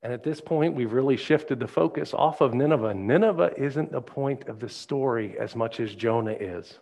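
A male pastor preaching a sermon, retelling a Bible story in a lively storytelling way. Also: mid-range voice, moderate pace, gravelly. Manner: animated storytelling.

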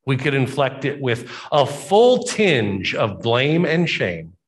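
A man's voice: medium pitch, sing-song, slow pace. A man preaching a sermon, retelling a Bible story with emphatic repetition and voiced quotes. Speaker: pastor.

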